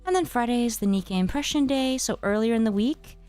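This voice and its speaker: Smooth-voiced woman streamer, chatty and scattered. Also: on the high side, a little fast, a little mellow, faint music behind. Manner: scattered and hesitant, many fillers and restarts. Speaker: streamer hosting her channel. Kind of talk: casual live-stream chat.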